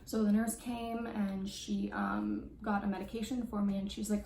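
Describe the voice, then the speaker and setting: A woman's voice: medium pitch, flat delivery, moderate pace, a little mellow, roomy sound, slight background noise, rough recording. A young woman in her twenties telling a story-time vlog, chatty and full of fillers. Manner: chatty, lots of fillers and likes. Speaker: vlogger.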